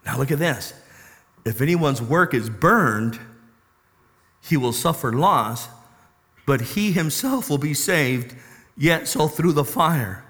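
A man preaching a sermon as a pastor, animated and questioning the congregation. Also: on the high side, slow, long pauses. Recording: reverberant hall.

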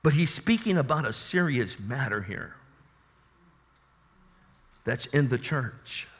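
A man preaching a sermon who calls out to the congregation for amens and swings between quiet teaching and loud, rising exclamations. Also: medium pitch, lively intonation, slow, husky. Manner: call-and-response preaching, asks the congregation for amens.

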